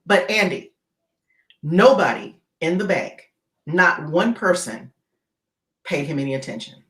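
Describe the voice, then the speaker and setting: A woman guest keynote speaker recounts a dramatic story during an interview, animated and frequently checking in with "right?". Her voice sits fairly low and moves a little slowly. The recording has a roomy echo.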